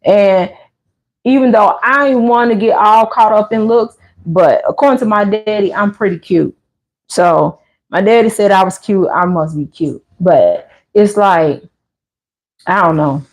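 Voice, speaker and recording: With an unhurried, medium-pitched voice, this woman hosts a livestream where she chats, reads viewer comments and spins stories. She livens things up with animated asides in different voices.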